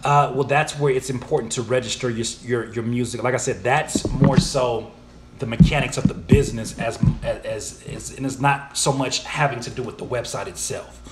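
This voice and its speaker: Brief: male host, mid pitch, animated casual Q&A, faint hiss behind. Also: normal speed. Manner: animated, slangy, reads questions aloud then answers. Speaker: YouTuber and music producer answering viewer questions. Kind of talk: casual live Q&A.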